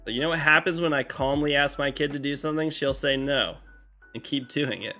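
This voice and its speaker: A man's voice: fairly high pitch, fairly quick, pushed and bright. A man chatting casually on a live game stream, rambling with lots of fillers and restarts. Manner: rambling, filler-heavy talk with many restarts. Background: faint game music.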